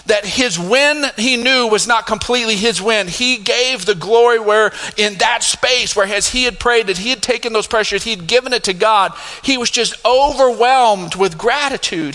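Bright animated pastor in a reverberant hall. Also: male voice. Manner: animated, laughing asides, rising to emphatic highs. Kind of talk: sermon storytelling. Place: church sanctuary.

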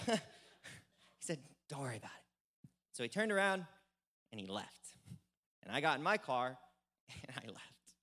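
An energetic young man tells a funny story from the pulpit. His bright, fairly high voice jumps all over in pitch. The sound rings through a reverberant church hall. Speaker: lay preacher. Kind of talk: youth sermon with storytelling.

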